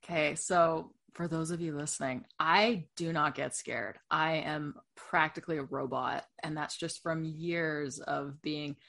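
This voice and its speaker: A woman guesting on a podcast in casual chat, speaking in a smooth, measured way. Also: deep voice, fairly even intonation, a bit bright.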